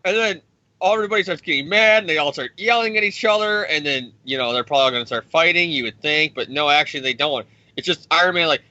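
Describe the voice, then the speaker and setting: A man co-hosting a podcast, recapping a comic book in a rambling, profane, excitable way. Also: fairly high pitch, quick pace, dry recording. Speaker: podcast co-host. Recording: dry, dull lo-fi sound.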